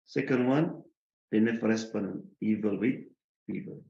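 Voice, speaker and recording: A man's voice: on the low side, measured pace, vocal fry, mellow, echoey room, muffled recording. A man giving a tafsir lecture as imam, speaking in simple broken English, asking the audience questions and laughing often.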